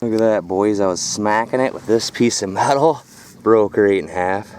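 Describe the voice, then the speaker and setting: A man from Michigan filming his own scrap-hauling vlog outdoors in the country, talking in a rough, casual way and swearing easily. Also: on the low side, normal speed, darkish tone, slight background noise. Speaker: vlogger scrapping metal.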